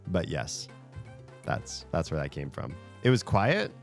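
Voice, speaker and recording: Low-voiced man rambling while gaming. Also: sing-song, unhurried, creaky. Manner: rambling, thinks aloud, chuckles often. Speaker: streamer playing a rhythm game. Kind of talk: casual chat while gaming. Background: faint game music.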